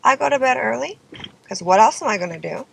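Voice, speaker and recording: A woman's voice: fairly high pitch, expressive, fast, gravelly, slight background noise, poor audio. A young woman singer telling a personal story in a dramatic, exasperated way, often saying "like" and "okay?". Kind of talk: confessional storytelling vlog.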